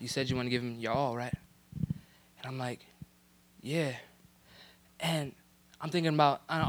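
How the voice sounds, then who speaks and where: A man's voice: high-pitched, bright, forceful tone. A young man from New Jersey giving a personal church testimony in casual slang, with lots of "you know what I'm saying".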